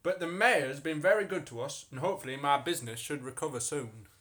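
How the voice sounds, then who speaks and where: Brief: man voicing a northern village blacksmith, gruff, rambling. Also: fairly high pitch, brisk, a bit bright, natural voice. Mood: grumbling. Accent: northern English.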